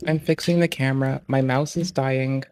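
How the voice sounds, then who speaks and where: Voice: medium pitch, fairly even intonation, moderate pace, darkish tone, slight background noise. A streamer ranting with constant swearing in casual talk on a live stream. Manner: swears constantly, rants angrily.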